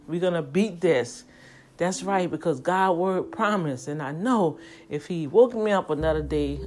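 A woman's voice: deep voice, a little mellow. A woman hosting her own podcast, sounding out of breath and speaking in a fervent, preacherly way that repeats phrases. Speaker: podcast host. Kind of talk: casual podcast talk with prayer.

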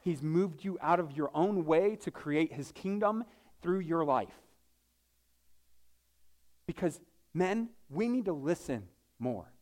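A man's voice: a little high, animated, slow, long pauses, darkish tone. A male pastor preaching a sermon in a casual, joking way, often restarting his sentences.

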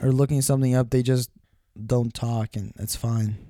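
A young man co-hosting a podcast in relaxed, skeptical casual chat, full of fillers. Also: medium pitch, moderate pace, no room sound, studio quality. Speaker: podcast co-host.

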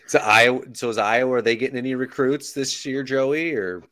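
A man's voice: mid-range voice, a little fast, sharp tone. A man hosting a casual sports podcast in a laid-back way, steering the talk to the next topic.

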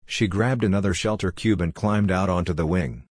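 A man narrating a science fiction story in a steady, plain reading voice. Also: low-pitched, normal speed, breathy edge, no room sound, clean studio sound. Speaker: audiobook narrator. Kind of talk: scripted narration.

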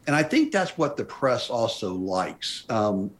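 A man's voice: mid-range voice, a little slow, slight background noise. Storytelling older man in podcast chat. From United States. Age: 60s. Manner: storytelling, animated quoting. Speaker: podcast guest, mountaineer. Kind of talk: casual interview chat.

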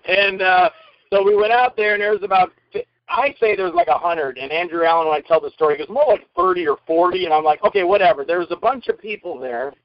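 A man, an actor being interviewed, telling animated and rambling anecdotes in casual conversation. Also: sits high, a little fast, no echo, muffled recording. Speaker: guest actor.

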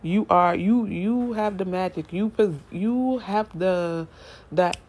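A woman's voice: mid-range voice, slow, slightly rough. Chatty woman giving a tarot reading. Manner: chatty, repetitive, animated, addresses viewers as y'all. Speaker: tarot reader. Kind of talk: casual tarot reading monologue.

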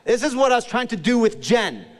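A man preaching a sermon as pastor, telling a playful personal story with acted-out quotes and dropping low and soft for serious points. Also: sing-song, a little fast, in a large hall. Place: church service.

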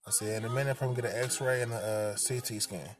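A man's voice: mid-range voice, fairly even intonation, quick pace. A man casually retelling a personal story, profane and streetwise, acting out the people he quotes.

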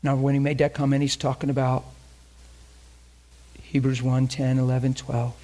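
A man preaching a sermon with passion, swinging between loud emphasis and hushed near-whispers and asking the congregation direct questions. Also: medium pitch, level tone, normal speed.

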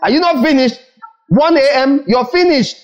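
Animated high-voiced male preacher. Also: normal speed, muffled recording. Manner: animated preaching, acts out scenes, repeats words. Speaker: pastor. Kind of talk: sermon.

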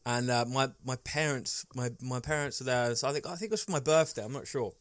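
A young man co-hosting a podcast, telling stories in a sweary way with halting restarts. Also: mid-range voice. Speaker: podcast co-host. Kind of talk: casual podcast chat.

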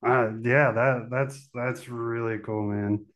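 A man hosting a podcast, chatting casually and slowly with some hesitation. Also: mid-range voice, fairly even intonation, fairly bright tone, muffled recording. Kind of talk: casual chat.

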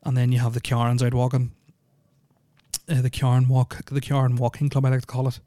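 A man's voice: mid-range voice, completely flat delivery, brisk, mellow, dry recording. A man hosting a solo podcast, rambling with lots of ums and dry jokes. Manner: rambling, filler-heavy, joking. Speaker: podcast host. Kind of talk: casual solo podcast chat.

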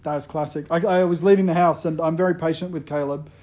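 A pastor giving a sermon in a relaxed, humorous storytelling way, often joking with the congregation. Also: male voice, on the high side, fast.

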